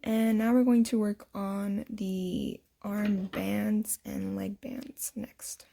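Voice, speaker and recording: A young woman casually walking viewers through a sewing project at home, chatty and quick to laugh at herself. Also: medium pitch, flat delivery, vocal fry, mellow. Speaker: sewing tutorial host. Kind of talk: casual step-by-step sewing demo.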